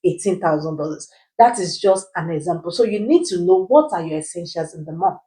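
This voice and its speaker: A woman's voice: fairly low pitch, expressive, brisk, warm tone, poor audio. A woman teaching personal finance who asks rhetorical questions and answers them herself, checking in with her listeners as she goes. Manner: keeps checking in with "right?". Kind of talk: explainer video.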